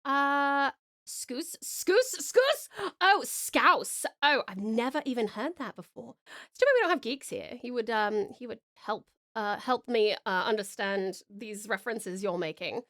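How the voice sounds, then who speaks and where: A woman's voice: a little high, normal speed, a bit bright, no room sound, clean studio sound. A woman from Australia, a streamer and voice actor, chatting casually on a livestream, full of ums and calling viewers darling.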